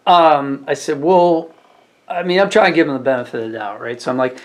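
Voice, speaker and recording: A man, a restaurant waiter, telling stories from his shift in a rambling, casual way, full of fillers and growing animated. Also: on the high side, moderate pace. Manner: rambling, filler-heavy retelling that grows animated. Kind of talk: casual storytelling vlog.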